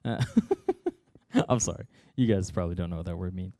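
A man's voice: deep voice, fairly quick, mellow, dry recording. A man telling a Bible story to kids in a playful, joking way, adding sound effects and asides.

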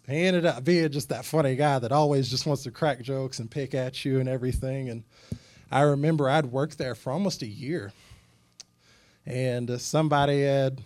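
A young man speaking as a youth pastor to a group, telling a personal story in a loose, conversational sermon, full of fillers like "you know". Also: medium pitch. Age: young adult. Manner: animated and conversational, many fillers.

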